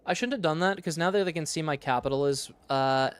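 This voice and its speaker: A man's voice: a little high, fairly quick. Man thinking aloud over gameplay. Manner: thinking aloud, relaxed and matter-of-fact. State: sleepy, yawning. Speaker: streamer. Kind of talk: casual gameplay commentary. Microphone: studio dynamic mic.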